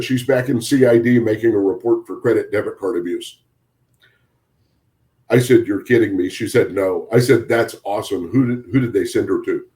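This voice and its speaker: A man with a lowish voice tells a long prank story in a casual podcast chat. He is a sheriff's deputy who chuckles as he goes and acts out what each person said. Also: mellow. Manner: amused, chuckles through his story, quotes people in dialogue.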